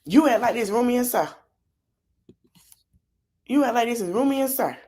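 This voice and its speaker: A woman's voice: on the high side, moderate pace, darkish tone, a little hiss or hum. A woman hosting a live podcast stream, reacting to a video with blunt, sassy, mocking commentary full of slang. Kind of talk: livestream commentary.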